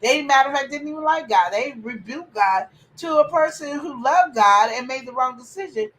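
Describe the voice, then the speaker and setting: A woman hosts a casual family chat. She is opinionated and animated, her somewhat high voice rising into preachy outbursts. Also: moderate pace, slight background noise, low-quality recording. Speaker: podcast host.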